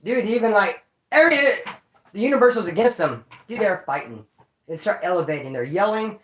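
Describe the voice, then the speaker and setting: A man's voice: sits high, expressive, a little fast, a bit bright. A man hosting a livestream, telling stories in casual slang, rambling and repeating himself. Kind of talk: casual storytelling. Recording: roomy echo.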